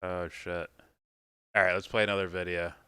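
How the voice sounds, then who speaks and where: A man's voice: sits low, flat delivery, moderate pace, sharp tone, clear, resonant tone, no echo. A man hosting a casual livestream, reacting and chatting in a rambling, giggly, profane way. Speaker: livestream host.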